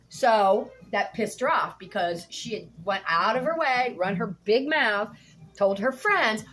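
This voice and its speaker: A woman's voice: medium pitch, expressive, measured pace, fairly bright tone. A middle-aged woman vlogging casually at home while cooking, telling a story bluntly and indignantly, swearing freely.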